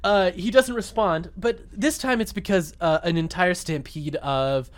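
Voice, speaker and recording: A man's voice: high voice, a little slow. A man co-hosting a casual comedic movie chat, rambling and laughing often as he acts out lines from the film. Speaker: podcast co-host.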